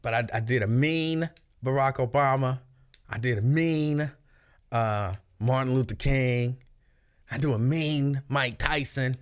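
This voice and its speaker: A man hosting a radio show, telling stories in casual chat and slipping into shrill impressions. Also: unhurried, clear, resonant tone. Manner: animated storyteller, breaks into shrill yelling impressions.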